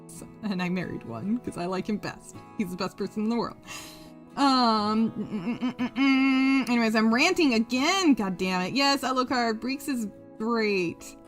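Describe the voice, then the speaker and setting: A woman's voice: a little high, normal speed. A woman hosting a casual craft live stream, reading chat messages aloud, laughing often and swearing freely. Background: faint guitar music.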